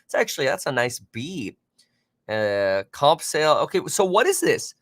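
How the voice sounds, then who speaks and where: A man's voice: a little high, big pitch swings, normal speed, a bit bright, no echo, clean studio sound. A man hosting a live market commentary stream, talking off the cuff with many fillers and self-corrections as he reacts to headlines and viewer comments. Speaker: finance livestream host.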